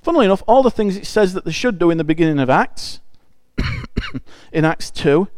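A man's voice: high-pitched, big pitch swings, normal speed, darkish tone, dry recording. A man preaching a conversational sermon. He reads scripture aloud and explains it in a chatty, emphatic way, often restarting phrases.

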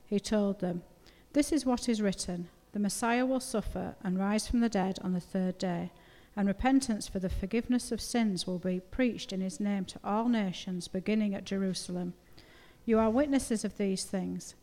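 A woman's voice: mid-range voice, moderate pace, mellow. Woman reading scripture in a reverberant hall. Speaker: scripture reader.

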